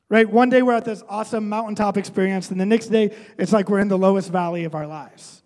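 Pastor guy, pretty high voice, chatty sermon, lots of "right?", big echoey church hall. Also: quick pace, few pauses, darkish tone. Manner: conversational, often adds "right?".

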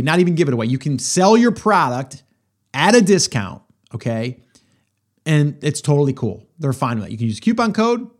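A man hosting a business podcast, giving casual advice in an enthusiastic, repetitive way and often checking in with "okay?". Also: fairly high pitch. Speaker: podcast host.

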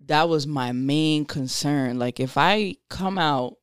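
A young woman hosts a podcast in a smooth, clear voice at a middling pitch. She talks reflectively and openly about herself, in relaxed slang. The recording is dry and close. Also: slow pace, dry recording. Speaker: podcast host. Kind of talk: casual podcast chat.

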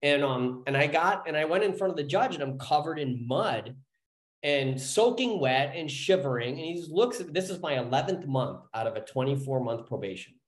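A man in his forties tells his personal story as a podcast guest. His voice sits a little high, and he rambles and restarts his sentences, growing lively as the story builds. The room around him is echoey. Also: normal speed. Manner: rambling, restarts often, animated when telling a story.

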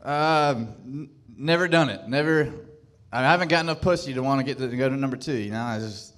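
A man's voice: mid-range voice, fairly quick, fairly bright tone, soft background music. A man doing a stand-up set on a club stage, hesitant, full of stammered restarts. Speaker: stand-up comedian.

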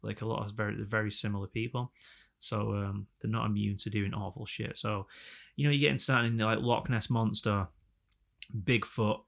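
A young man rambles through a casual podcast chat, swearing freely and getting animated. His voice sits low with a gravelly edge. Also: normal speed. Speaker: podcast co-host.

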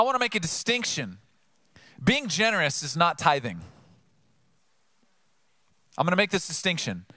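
A pastor from Southern California delivers an energetic, conversational sermon, firing off rhetorical questions. His voice sits high and sounds bright and forceful. The recording is dry, with no room sound. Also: no echo.

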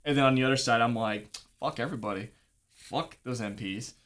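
A man's voice: medium pitch, brisk, a bit bright. A young man telling a long story in casual chat, swearing a lot and acting out what people said. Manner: profane, rambling, acts out dialogue.

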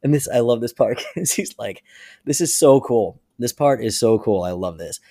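Animated man retelling a comic. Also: mid-range voice, normal speed, no room sound, clean studio sound. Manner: animated retelling with frequent laughs. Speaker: podcast co-host. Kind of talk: casual chat.

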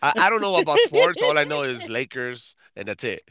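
A man's voice: on the high side, brisk, crowd noise. A man co-hosting a podcast in casual banter, mocking and laughing, with lots of swearing. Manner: lively, mocking, laughing, profane. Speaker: podcast co-host.

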